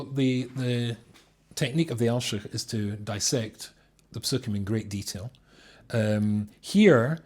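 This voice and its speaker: Animated husky-voiced rabbi teaching. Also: male voice, medium pitch. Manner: lively, reads Hebrew text then explains it. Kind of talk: animated Torah class. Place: room with a live audience.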